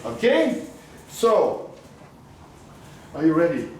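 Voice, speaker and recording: Lively male business coach, higher voice, questions the room a lot, echoey room, heard from afar. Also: slow pace, far from the mic, a little hiss or hum. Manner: lively, questioning the audience often; mixes in words of another language. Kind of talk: live coaching talk to a group.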